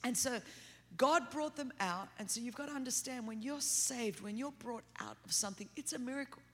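A middle-aged woman with an Australian accent, preaching a sermon as a guest in a church, talking hard, fast and without pause. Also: on the high side, slightly rough. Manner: fast, energetic, continuous delivery. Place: large church auditorium. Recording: long hall reverb.

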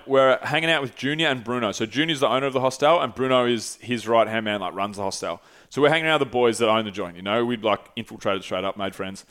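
A young man casually telling a long travel story, animated and swearing freely. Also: medium pitch, clear, resonant tone. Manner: animated, swears freely, acts out quoted voices. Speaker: podcast host.

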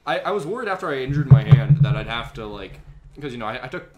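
A man's voice: mid-range voice, lively intonation, fast, a loud crowd. A young man hosting a casual podcast, rambling and complaining in a profane, offhand way. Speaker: podcast host and editor.

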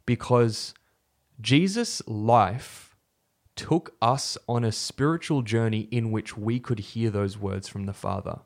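Relaxed man telling a faith story. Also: fairly low pitch, takes it slowly, gravelly. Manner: relaxed and storytelling, with fillers and self-corrections. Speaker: podcast co-host. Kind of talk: conversational faith podcast teaching.

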